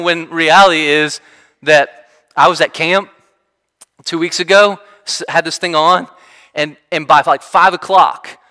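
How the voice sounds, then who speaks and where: A man preaching a sermon in an animated, conversational way, often restarting his sentences. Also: fairly high pitch. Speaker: pastor. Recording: reverberant hall sound.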